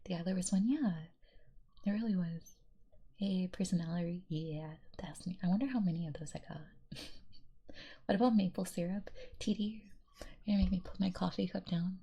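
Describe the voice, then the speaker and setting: A young woman streamer reading chat aloud in a soft, giggly whisper, in a whispered role-play style. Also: medium pitch, normal speed, long pauses, slightly rough.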